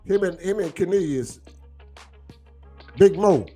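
A middle-aged man with a high, mellow voice speaks slowly on a live stream with soft background music. He teases his viewers with boisterous, laughing trash talk in casual banter.

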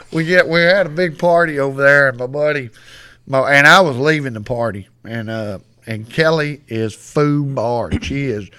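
Bright-voiced West Texas storyteller man. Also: mid-range voice, no room sound. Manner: rambling, bawdy, laughs often. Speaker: podcast guest. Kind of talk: casual storytelling.

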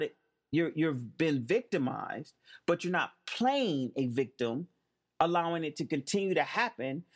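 Emphatic man giving commentary. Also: fairly high pitch. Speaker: host. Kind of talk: monologue commentary.

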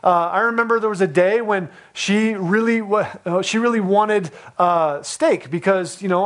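Man, pastor, high voice, impassioned sermon, repeats phrases, thirties. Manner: impassioned, rising loud in acted pleas, with repeated phrases.

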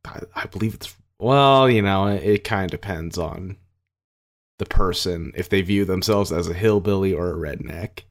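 A man's voice: low-pitched, steady tone, moderate pace. A man in casual podcast chat, laid-back and agreeable, often chuckling.

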